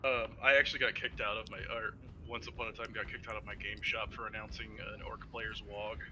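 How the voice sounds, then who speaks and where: A man's voice: lowish voice, a little fast, a little hiss or hum, low-quality recording. A man joking around in casual gaming voice chat, playful and teasing. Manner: playful, animated banter.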